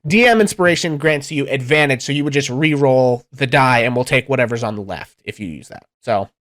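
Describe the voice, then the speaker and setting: A game master running a tabletop game online, rambling and animated about the rules. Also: mid-range voice, fairly quick.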